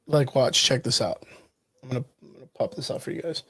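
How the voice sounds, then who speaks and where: A man co-hosting a casual livestream chat, talking in an animated way and laughing easily. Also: medium pitch, fairly quick, breathy edge, no echo. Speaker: podcast co-host.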